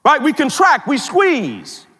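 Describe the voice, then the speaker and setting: A man, a motivational keynote speaker, tells a dramatic story, swinging from loud emphatic peaks to hushed low tones. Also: wildly swooping pitch, takes it slowly, in a large hall.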